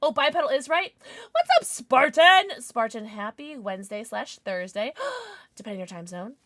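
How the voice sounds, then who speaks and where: Excitable streamer woman, bouncy high voice. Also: normal speed, no room sound. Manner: excitable, squealing and gushing, chatty with chat. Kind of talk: live gameplay streaming, chatting with viewers.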